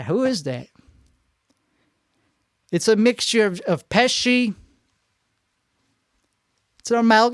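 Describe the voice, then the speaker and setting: A man's voice: high-pitched, unhurried, pauses often, smooth, no room sound, clean studio sound. A man hosting a podcast, rambling through a comic monologue and slipping in and out of a put-on frantic Chicago-style accent, cutting himself off mid-thought. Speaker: podcast host. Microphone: two microphones up close.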